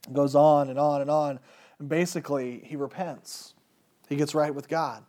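A man with a fairly high speaking voice delivers a sermon, reading scripture and then retelling it in casual, slangy terms. His voice rises and falls in pitch and loudness as he tells the story. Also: fairly even intonation, normal speed. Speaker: preacher.

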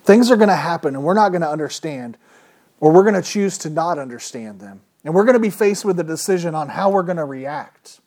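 A man's voice: a little high, expressive, brisk, darkish tone. Emphatic man preaching a sermon. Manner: conversational, emphatic, rhetorical questions.

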